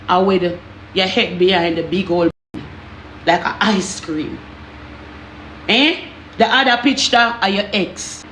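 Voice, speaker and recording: A Jamaican woman telling a story in casual patois, animated and repetitive, often asking the listener if they understand. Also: on the high side, reverberant, slight background noise. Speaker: storyteller vlogger.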